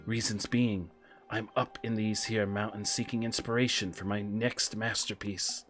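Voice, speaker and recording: A man's voice: lowish voice, fairly even intonation, unhurried, a bit bright, faint music behind. A man voicing a chatty wandering male bard in a put-on Australian accent, friendly and folksy. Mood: chummy.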